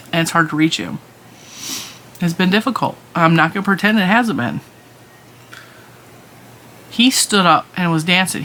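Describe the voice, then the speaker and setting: Bright-voiced woman telling a lively story. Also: sits low, a little hiss or hum. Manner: animated storytelling, laughs often. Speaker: crochet channel host. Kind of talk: casual chat.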